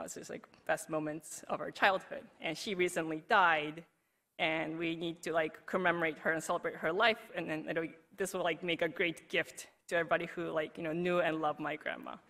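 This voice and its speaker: Woman presenting at a conference, bright voice, rambly and casual, says like a lot. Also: low-pitched. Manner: chatty, heavy use of "like", laughs easily. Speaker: conference speaker. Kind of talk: recorded presentation talk.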